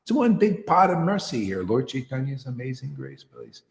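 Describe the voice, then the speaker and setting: A man's voice: mid-range voice, big pitch swings, normal speed, vocal fry, a little mellow. A man giving an informal devotional talk to a small group, earnest and slangy, peppering his words with "you know" and "man". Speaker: spiritual teacher. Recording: roomy hall echo.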